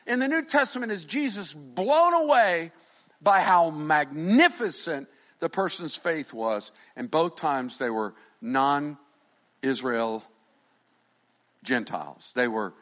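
Man preaching with shouts and quiet asides. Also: a little high, very animated, slow pace. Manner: jokes with the congregation. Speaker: pastor. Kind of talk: sermon.

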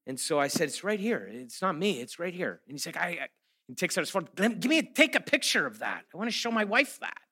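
A man delivering a sermon in a bright, forceful voice that sits a little high. He tells everyday stories and then builds into emphatic, rousing preaching. He sounds middle-aged. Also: big pitch swings, fast talker, slightly rough. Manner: storytelling, rising to emphatic preaching. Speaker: guest speaker.

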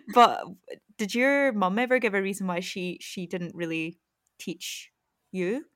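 A young Scottish woman from Scotland hosts a casual podcast chat, asking questions and laughing easily. Her voice is medium-pitched and fairly bright, with a slow pace.

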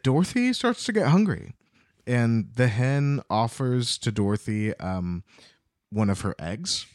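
A man's voice: medium pitch, animated, measured pace, no echo, studio quality. A man co-hosting a podcast, retelling a book in a playful, chatty way. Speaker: podcast co-host. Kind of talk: casual chat, retelling a book.

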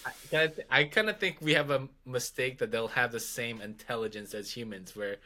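A man's voice: mid-range voice, brisk, sharp tone. A man, a guest on a podcast, chatting casually in a rambling, joking way and thinking aloud. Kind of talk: casual conversation.

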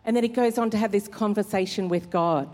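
This woman pastor speaks fairly quickly in a mid-range, darkish voice, preaching earnestly and conversationally with fillers. The setting is a church service hall, and the audio has long hall reverb.

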